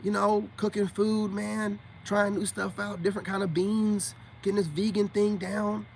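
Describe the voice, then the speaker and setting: A self-styled spiritual coach livestreams casually to his viewers, talking with chat in a drawling, teasing way and repeating "you know what I'm saying." His high voice shows vocal fry, a darkish tone, and little pitch movement at normal speed, with slight background noise.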